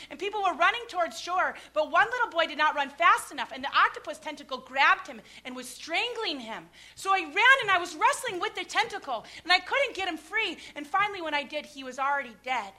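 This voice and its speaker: A middle-aged woman preaching, her voice high and bright with a forceful ring. She acts out her stories, swinging between loud calls and quiet, hushed asides. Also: fairly quick, few pauses. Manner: animated storytelling, acting out scenes with shouts and hushed asides. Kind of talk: sermon with personal stories.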